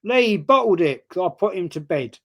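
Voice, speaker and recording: A man's voice: high voice, expressive, brisk, a bit bright. A man on a live fan stream, boasting and insisting as he keeps cutting in. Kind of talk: livestream argument.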